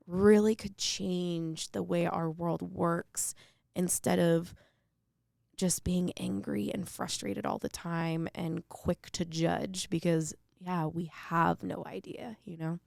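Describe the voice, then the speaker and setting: A woman speaks as a podcast guest in a low, gravelly voice that still comes across smooth and full. She tells her stories earnestly and reflectively. The recording is dry and close. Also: a little mellow, dry recording. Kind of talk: casual interview conversation.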